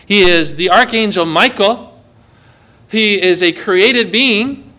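A man preaching a sermon, lively and emphatic, asking the congregation questions. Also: high voice, slow pace.

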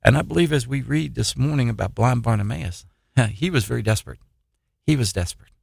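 A man giving an informal sermon on his own program, reading scripture haltingly and pressing listeners with repeated questions. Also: mid-range voice, vocal fry, a little mellow, husky, dry recording, studio quality. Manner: halting, restarts and "uh" while reading verses, then urgent repeated questions.

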